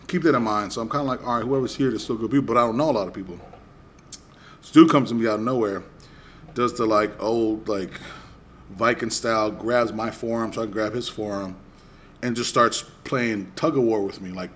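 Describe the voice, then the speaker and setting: A middle-aged man hosting a podcast, telling a story in casual chat, animated and profane, acting out both sides of a quarrel. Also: fairly low pitch, slight background noise. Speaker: podcast host.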